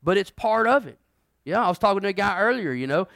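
Man preaching with loud and quiet swings. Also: high-pitched, expressive, fast, creaky, no echo, studio quality. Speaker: pastor. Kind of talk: sermon.

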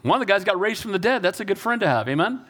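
A male pastor delivers a sermon in a notably high voice. He preaches emphatically, driving points home through repetition and calls to the congregation. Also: sing-song, rapid-fire, fairly bright tone.

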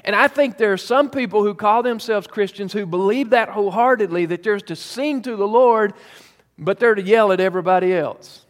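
A man preaching a sermon as pastor, emphatic and drawn out, with pauses to let points sink in. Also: sits high, in a large hall.

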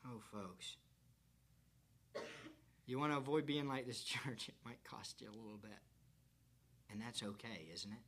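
A man preaching a sermon who swings from hushed whispers to loud, emphatic declarations and stretches words slowly for emphasis. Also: medium pitch, slight background noise. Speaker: pastor.

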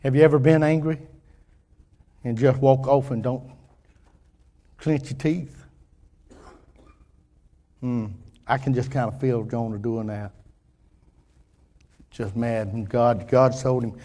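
A man preaching a sermon in an earnest, halting way, often restarting his sentences and swinging between loud and quiet. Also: mid-range voice. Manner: earnest, halting with many restarts, rising and falling in intensity. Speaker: pastor.

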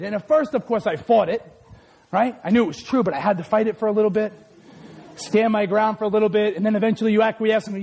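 A male pastor preaching an impassioned sermon, swinging from shouts down to whispers. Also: high-pitched, fast talker, vocal fry. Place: church.

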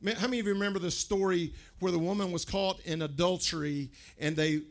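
A man delivering a sermon in a chatty, direct way, his voice sitting slightly high for a man. He keeps turning to the congregation with questions and often restarts and repeats his words as he goes. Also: fairly even intonation, a little fast. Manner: conversational preaching, asks the crowd questions, stammers and repeats words. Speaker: pastor.

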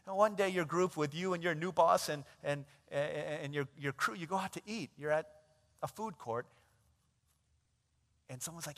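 A man's voice: a little high, normal speed. Man preaching in a reverberant hall. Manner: animated storytelling, acting out voices in a parable. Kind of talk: sermon.

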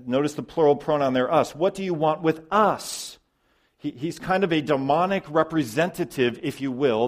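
Emphatic male preacher, fairly high voice. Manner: emphatic, swings between loud stresses and quiet drops, repeats words. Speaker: pastor. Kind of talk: sermon.

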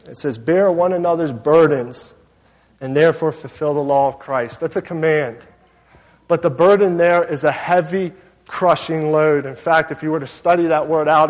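A man preaching a sermon as pastor, telling a personal story in an earnest, conversational way. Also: a little high. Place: church sanctuary. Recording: long hall reverb.

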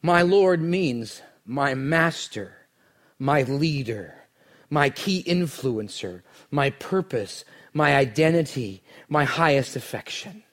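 A man preaching a sermon, telling the story dramatically and swinging from hushed lines to near shouts. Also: medium pitch, lively intonation, slow. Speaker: pastor.

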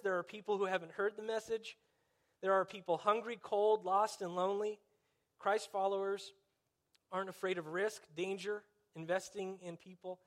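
A man preaching a conversational sermon, dropping in wry, sarcastic asides. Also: high voice.

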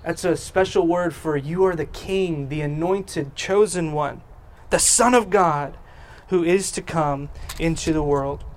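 A man's voice: a little high, a little slow. A man preaching a sermon, telling the story in a folksy, conversational way and acting out the characters' lines in casual voices. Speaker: pastor.

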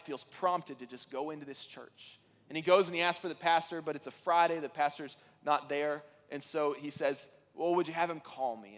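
A man preaching a sermon as pastor, earnest and conversational, with occasional fillers and restarts. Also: a little high. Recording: reverberant hall.

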